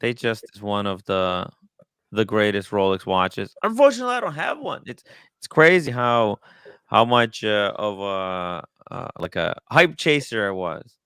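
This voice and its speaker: A man's voice: fairly low pitch, expressive, measured pace, sharp tone, clean tone, no room sound, studio quality. A man hosting a casual livestream chat about watches, rambling with many fillers and restarts. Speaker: watch podcast host. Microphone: studio mic.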